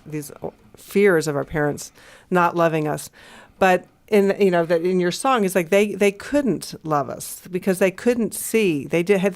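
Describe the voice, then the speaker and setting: Thoughtful but halting, this American woman co-hosting a conversational discussion reasons aloud with frequent restarts and fillers. She speaks in a low, clear, resonant voice.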